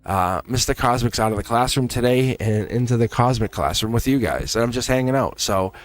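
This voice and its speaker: A man's voice: mid-range voice, expressive, fairly quick. A man hosting a live tarot stream, talking casually and encouragingly to his chat with frequent laughs. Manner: rambling, encouraging, laughs often; talks straight to chat viewers.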